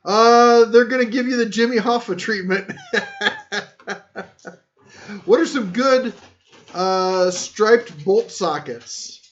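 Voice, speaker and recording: A man with a high voice hosts a casual tool-channel live stream, rambling and making self-deprecating jokes while reading chat. He speaks slowly with a steady tone and long pauses, and the audio is muffled and lo-fi like a cheap stream mic.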